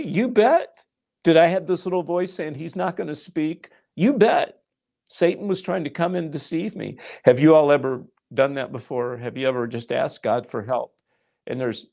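A middle-aged male pastor preaches, recounting his own story and voicing both himself and God. His voice has a gravelly edge at a mid pitch. He talks straight to his listeners as folks. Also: darkish tone. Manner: storytelling, acting out dialogue with God. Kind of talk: sermon.

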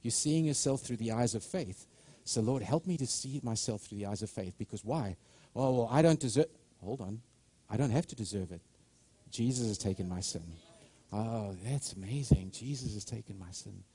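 A man's voice: lowish voice, moderate pace, warm tone, husky. A middle-aged man preaching a sermon with fervent delivery, often repeating and restarting words as he builds momentum.

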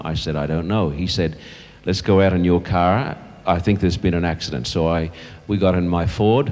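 An older male pastor preaches in a very low voice, telling a story with earnest feeling. He softens and slows at the heavy moments. His voice rings out with the long reverb of a church hall. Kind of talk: sermon storytelling.

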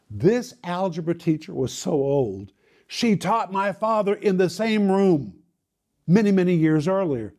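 Mellow-voiced man preaching a personal testimony. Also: sits high, sing-song, measured pace. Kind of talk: sermon testimony storytelling.

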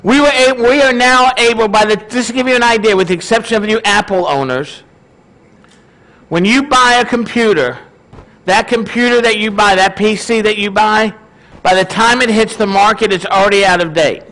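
A man's voice: sits high, moderate pace, bright, forceful tone, low-quality recording. A male pastor giving a casual, conversational sermon and often asking his congregation questions.

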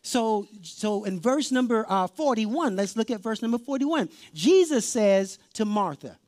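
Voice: medium pitch, animated, normal speed, hardly any pauses, darkish tone. A pastor preaching a conversational sermon, often repeating phrases and calling for the listeners' attention.

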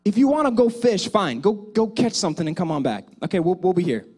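A man voicing a calm, reassuring teacher who speaks in an easygoing, unbothered way. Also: high voice, quick pace, husky, full character voice. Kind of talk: acted quote within a sermon.

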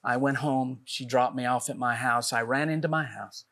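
A man tells the story of his own experience as a talk show guest. His telling is earnest, and he acts out the conversations he recounts. His voice sits at an ordinary middle pitch. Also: steady tone, moderate pace, bright, forceful tone. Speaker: guest author. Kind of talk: personal testimony on a talk show.

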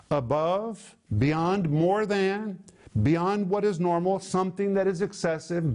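An emphatic man preaching on a Bible verse, with a fairly high voice for a man. He breaks words down slowly and leans hard on key phrases, and his delivery rises and falls for emphasis. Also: a little mellow. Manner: emphatic, explains Greek words slowly, rising and falling for stress. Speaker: Bible teacher. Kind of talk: televised sermon.

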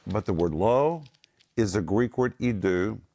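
A middle-aged man teaching the Bible on a broadcast, speaking emphatically and slowing down to stress key words. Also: fairly low pitch, lively intonation, mellow. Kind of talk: Bible teaching with scripture quotes.

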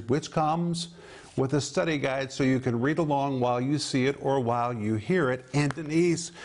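A man's voice: mid-range voice, a little mellow. An older man hosting a televised Bible teaching, speaking in an earnest, emphatic way as he urges viewers to respond.

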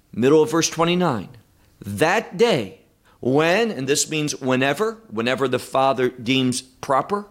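A middle-aged man gives a verse-by-verse Bible lesson at a very unhurried pace. His voice sits a little high for a man and swings widely in pitch as he stresses words. He teaches emphatically, repeating key terms and asking questions he then answers himself. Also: a bit bright.

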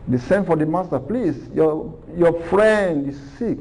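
Mellow-voiced man preaching earnestly. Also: a little high, animated, a little slow, rough recording. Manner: earnest, repetitive, rhetorical questions. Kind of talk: recorded sermon.

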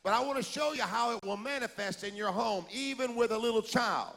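High-pitched, gravelly preacher. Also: male voice, fairly quick. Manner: animated, shouting, call-and-response with the congregation. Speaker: pastor. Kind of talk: sermon. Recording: long hall reverb.

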